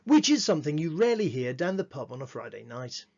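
A man's voice: a little high, very animated, gravelly, darkish tone. Dry-humored man teaching literature. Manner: dry, wry asides between measured readings. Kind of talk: lesson with read-aloud quotations. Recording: dull lo-fi recording.

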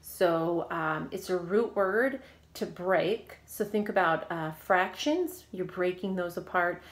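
A woman teaching a phonics reading lesson to children, prompting and praising in a slow, clear, encouraging way. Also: lowish voice, expressive.

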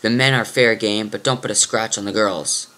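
A man's voice: lowish voice, steady tone, moderate pace, sharp tone. A man voicing a crude, bossy male bandit leader barking orders at his gang.

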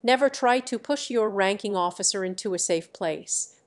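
A stern male officer with a curt, commanding way of speaking, as a woman reader puts him on. He lays out his orders slowly and deliberately, in the measured tone of an audiobook. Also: mid-range voice, natural voice. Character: gruff stern male senior survey officer. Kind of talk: audiobook reading.

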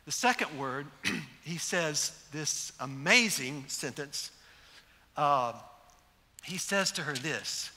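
Male preacher, animated storyteller, sharp bright tone, echoing sanctuary. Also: a little high, moderate pace. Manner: animated storyteller acting out quotes. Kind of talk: sermon. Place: large church sanctuary. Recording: echoey hall.

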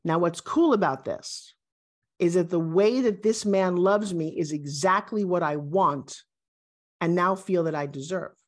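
Here a woman in her sixties speaks as an interview guest in a motivational setting, animated, forceful and self-assured. Her pitch is fairly low and her pace measured.

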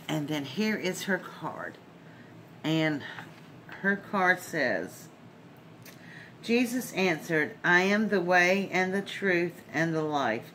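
Bright-voiced woman gushing over crafts. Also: lowish voice, slight background noise. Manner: effusive, gushing, laughs often. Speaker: crafting channel host. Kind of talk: casual unboxing vlog.

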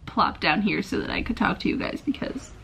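A woman's voice: medium pitch, expressive, a little fast, gravelly, a bit bright, breathy edge. A young woman vlogging about a book she is reading, emotional and gushing, sighing often. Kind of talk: casual reading vlog.

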